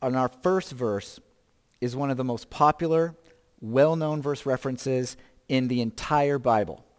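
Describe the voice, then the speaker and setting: A man's voice: mid-range voice, a little slow, long reverb tail. A man in his fifties preaching a sermon as pastor, conversational, asking the listeners questions and joking about himself. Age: 50s. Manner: conversational, self-deprecating humor, rhetorical questions.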